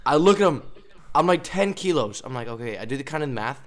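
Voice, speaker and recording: Young male podcast host, casual and lively storyteller, mid-range voice. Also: medium pitch, quick pace. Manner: animated storytelling, laughing often, many fillers. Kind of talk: casual chat.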